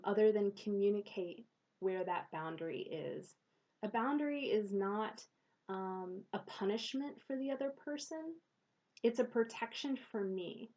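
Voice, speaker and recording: A woman reviewing a children's book for parents, speaking in a thoughtful, measured way with pauses and fillers. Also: medium pitch, darkish tone, highs cut off.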